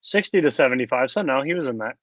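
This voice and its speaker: A man co-hosting a casual talk show, animated and argumentative, getting loud when he presses a point. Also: mid-range voice, quick pace, no room sound, dull audio. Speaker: podcast co-host. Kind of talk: casual chat.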